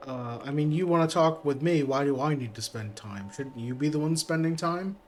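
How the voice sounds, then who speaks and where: A man's voice: fairly high pitch, normal speed, slight background noise. A man streaming a game, reading its text aloud and adding casual joking asides.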